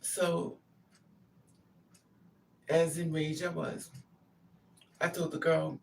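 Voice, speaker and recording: A woman talks through a personal story in a loose, animated monologue, slipping into the voices of the people in it. Her voice has a gravelly edge. She sits a little back from the mic, with faint noise underneath. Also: low voice, very slow, recorded from a distance. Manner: animated, acts out quotes.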